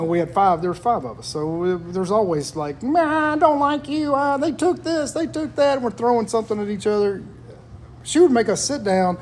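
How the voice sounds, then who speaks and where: A man's voice: a little high, darkish tone, slight background noise. A man talking in a casual chat, telling stories about his family in an earnest, reflective way.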